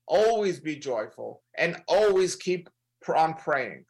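A man leading a prayer session and preaching to listeners, earnest, repeating phrases and slowing down to stress them. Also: fairly high pitch, sing-song, a little mellow, rough recording. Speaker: prayer leader. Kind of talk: sermon-style prayer broadcast.

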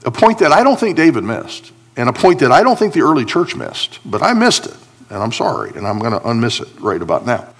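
A man preaching a sermon, swinging between emphatic high points and a quiet confiding tone as he explains Hebrew words from scripture. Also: fairly quick. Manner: animated preaching, rising for emphasis, dropping to a confiding hush. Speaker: pastor.

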